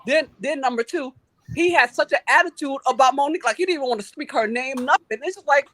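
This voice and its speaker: A man's voice: very high voice, fast talker, bright, forceful tone. A man, a panelist who talks through reality TV gossip in a chatty way, laying out his points one by one. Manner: chatty, builds points step by step. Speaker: co-host panelist. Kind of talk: casual gossip and analysis.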